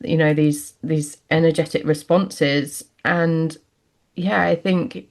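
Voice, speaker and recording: A woman's voice: deep voice, fairly even intonation, takes it slowly. A woman hosting a podcast, talking in a reflective way with many fillers. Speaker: podcast host. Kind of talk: casual interview chat.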